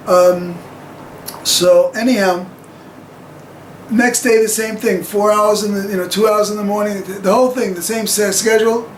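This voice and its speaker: A man's voice: sits high, roomy sound, slight background noise, poor audio. A man telling a personal story to camera in a rambling, chuckling way with plenty of fillers.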